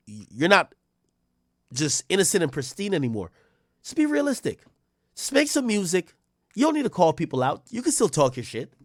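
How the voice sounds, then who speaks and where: Animated man ranting on a stream. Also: high voice, dry recording, studio quality. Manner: ranting, blunt, swearing, talks straight at the subject. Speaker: streamer and commentator. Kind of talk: reaction commentary on a livestream.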